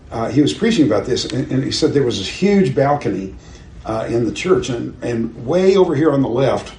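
In a roomy space with faint background noise, an older man with a mid-range, darkish voice leads a Bible class. He keeps it conversational, putting questions to his listeners and laughing at his own stories.

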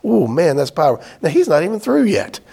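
Man, Bible class teacher, casual explaining, slightly high voice. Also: wildly swooping pitch, gravelly, warm tone, breathy edge. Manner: conversational, explains with "right?" and "y'all", reads scripture aloud slowly.

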